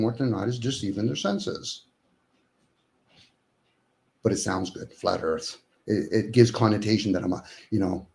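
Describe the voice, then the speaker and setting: A man with a fairly low voice talks casually as a guest. He pushes his points with rhetorical questions and slips into quick impressions of the people he argues with. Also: gravelly, a little mellow, a little hiss or hum. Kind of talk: casual conversation.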